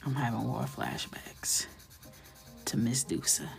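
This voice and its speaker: Low, gravelly-voiced woman chatting casually. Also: big pitch swings, takes it slowly, in a whisper, soft background music. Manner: chatty, joking, reads chat aloud. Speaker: coloring livestream host. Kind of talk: casual livestream chat.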